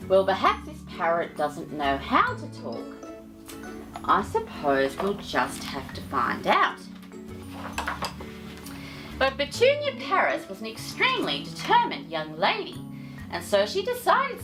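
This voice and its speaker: A woman reading a children's picture book aloud as host, theatrical, with affectionate asides to her listeners. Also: mid-range voice.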